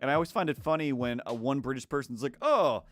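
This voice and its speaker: A man's voice: mid-range voice, fast. A Canadian man rambling casually on a live stream while he draws, self-mocking and full of fillers and restarts. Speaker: streamer and cartoonist.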